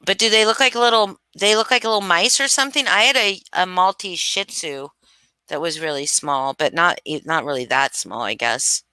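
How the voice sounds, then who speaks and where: A woman's voice: lowish voice, moderate pace, bright, forceful tone, clean tone, dry recording. A woman hosting a casual live stream, gushing and swearing freely as she chats with viewers. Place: home.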